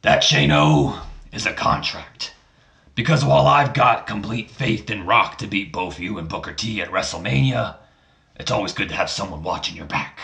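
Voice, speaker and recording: A man putting on a scheming older wrestling chairman in a low, breathy sneer. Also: expressive, normal speed, sharp tone, full character voice.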